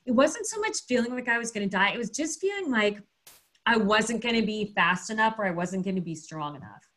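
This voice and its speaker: A woman speaking as an interview guest, telling a story in a casual, animated way, acting out quotes and using lots of fillers. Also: medium pitch, a little fast.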